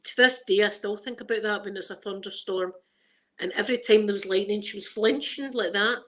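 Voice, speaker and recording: A woman's voice: mid-range voice, brisk, fairly bright tone. Chatty Glaswegian woman rambling. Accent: Glaswegian Scottish. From Scotland. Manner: rambling, chatty storytelling full of local slang. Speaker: ASMR channel host. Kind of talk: casual ASMR chat.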